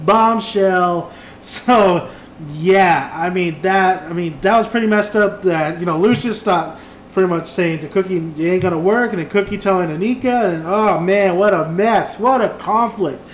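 A man hosting a casual TV review, retelling scenes in an animated way and acting out characters' lines. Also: high voice, normal speed, roomy sound, slight background noise. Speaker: TV review host. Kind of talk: casual spoken TV recap.

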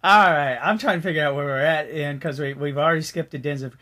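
A man chatting casually about a movie he just watched. His voice is bright and sits a little high for a man. He rambles and restarts his sentences as he works through his thoughts. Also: fast. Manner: rambling, with many restarts and fillers. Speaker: film reviewer. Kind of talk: casual chat.

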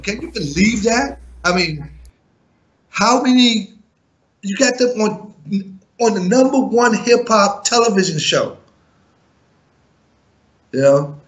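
A man who once managed a music group, giving an interview and telling his side with indignant, animated storytelling full of fillers and restarts. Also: high-pitched, takes it slowly, pauses often. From living in Europe.

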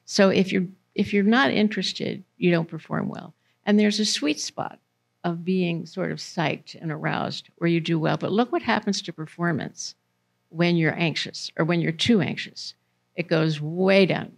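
A woman's voice: on the low side, gravelly. A woman giving a conversational presentation to parents in a library meeting room, putting questions to the audience.

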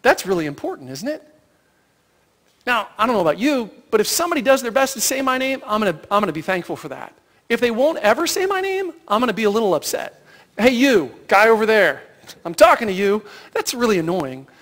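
A man with a high voice preaches a sermon in a church, speaking in a chatty, animated way. He tosses rhetorical questions to the congregation and acts out the characters' lines. His voice rings with the long reverb of a large hall. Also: quick pace. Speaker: pastor. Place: church sanctuary.

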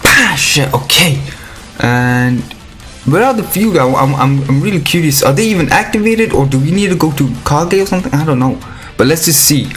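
A man giving live commentary on a mobile game, excitable and chatty with his viewers, breaking into squealing outbursts. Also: a little high, normal speed, soft background music. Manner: pleading and chatty toward viewers.

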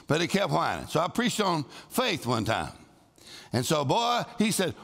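Animated preacher with gravelly voice. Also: male voice, on the high side, normal speed. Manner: animated, calls for responses, shouts scripture. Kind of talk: lively sermon to a congregation. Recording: live sermon in a large hall with long reverb.

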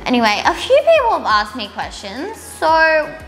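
A woman's voice: sits high, wildly swooping pitch, moderate pace, a bit bright. Tired, giggly young woman in a salon. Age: young adult. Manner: chatty, self-mocking, giggly, rambling. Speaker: beauty vlogger. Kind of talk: casual hair tutorial chat. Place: hair salon. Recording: roomy salon with music underneath.

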